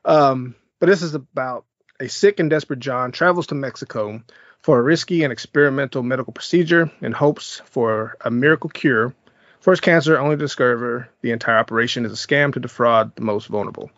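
A man's voice: medium pitch, fairly bright tone, no room sound, highs cut off. A man hosting a podcast, giving a laid-back, chuckling movie review and recapping the plot. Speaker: podcast host.

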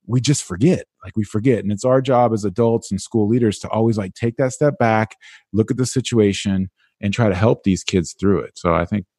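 A man being interviewed as an education guest, talking in a casual, animated way with lots of "like". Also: on the low side, brisk, no room sound, studio quality. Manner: animated, casual, with many "like" fillers. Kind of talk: conversational interview.

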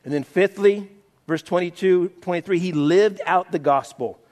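A middle-aged man preaches in a relaxed, storytelling manner, often poking fun at himself. His voice sits fairly high for a man. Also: moderate pace. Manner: conversational storytelling, self-mocking humor. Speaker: pastor. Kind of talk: sermon.

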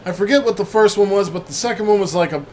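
A man with a high voice adds short, blunt remarks in a casual wrestling podcast. He sounds relaxed. A faint hum of background noise sits under his voice. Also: fast. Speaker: podcast co-host.

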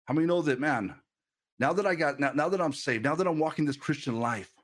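A man's voice: on the high side, fast. A man preaching a sermon as pastor, talking conversationally with lots of repeated words and restarts, and telling personal stories with a laugh here and there.

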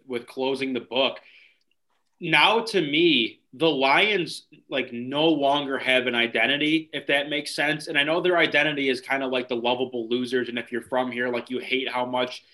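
Bright-voiced, reflective podcast man. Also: medium pitch, fairly even intonation, moderate pace. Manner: loose, reflective, full of "like". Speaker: podcast co-host. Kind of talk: casual sports podcast chat.

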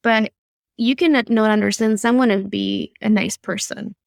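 A young adult woman from Argentina with an Argentine Spanish accent, a guest telling animated stories in an interview. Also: mid-range voice, moderate pace, gravelly, no room sound, clean studio sound. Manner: animated storyteller, laughs often. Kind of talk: conversational interview.

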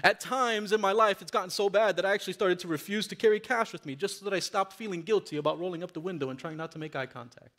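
A man's voice: high-pitched, quick pace, few pauses, fairly bright tone. A man preaching a sermon in a church, reading scripture aloud and then speaking earnestly and openly to the congregation. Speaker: pastor.

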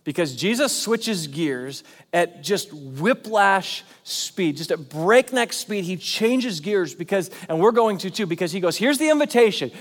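High-voiced pastor preaching in a hall. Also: male voice, a little slow, few pauses. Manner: conversational and animated, acting out quotes. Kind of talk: sermon.

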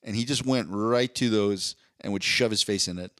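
A man co-hosting a podcast in casual chat, joking with deadpan sarcasm. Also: lowish voice, normal speed, dry recording, clean studio sound. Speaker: podcast co-host.

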